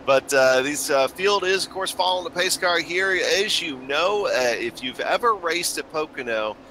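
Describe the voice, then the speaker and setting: A man commentating a sim race broadcast, relaxed and full of fillers, turning excited on the restart calls. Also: a little high, moderate pace, slight background noise. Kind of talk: sim racing play-by-play commentary.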